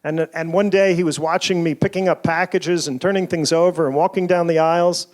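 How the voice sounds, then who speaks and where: A toy inventor giving a keynote speech at a conference, telling stories from his career in an earnest, measured way. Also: on the high side, steady tone, a little mellow. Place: conference hall.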